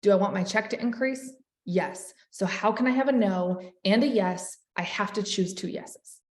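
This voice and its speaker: A woman leading a sales team, giving an energetic motivational talk and calling her listeners "you guys". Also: medium pitch, normal speed, echoey room. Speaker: network marketing team leader.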